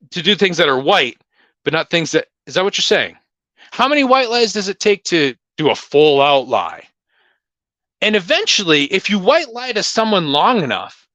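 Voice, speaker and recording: A man hosting a casual livestream Q&A, blunt and opinionated as he rambles from point to point. His voice sits a bit high and swings widely in pitch, with a bright, forceful edge. The recording is dry and close. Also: no room sound. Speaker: livestream host.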